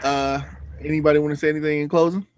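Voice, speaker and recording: A man's voice: on the high side, level tone, fast, clean tone, no echo. A young man co-hosting a casual livestream chat, swearing freely and laughing often. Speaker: livestream co-host.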